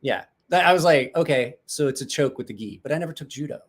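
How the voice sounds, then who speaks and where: A man's voice: on the high side, lively intonation, fast talker. A man hosting a casual livestream, chatting and rambling with frequent restarts and asides. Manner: rambling, self-correcting, chatty. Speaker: livestream host.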